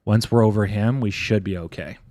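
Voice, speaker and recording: Low-voiced man talking charts. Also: a little fast, mellow, no echo, studio quality. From Canada. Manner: casual, rambling, thinking aloud with restarts. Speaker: stock trading streamer. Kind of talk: live stream chart commentary.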